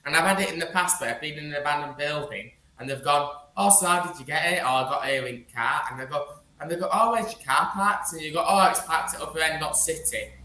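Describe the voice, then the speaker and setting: A man's voice: a little high, quick pace, few pauses, sharp tone, roomy sound. A man telling a rambling story in casual chat, acting out dialogue. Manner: rambling, acts out police dialogue.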